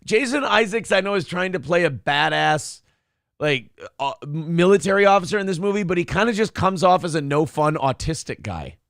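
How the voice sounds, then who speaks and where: A man's voice: sits high, animated, normal speed, gravelly, a bit bright, no echo, clean studio sound. A man co-hosting a casual talk show, joking and swearing freely as he riffs on movies. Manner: profane, jokey, laughs often. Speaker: co-host. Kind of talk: casual chat.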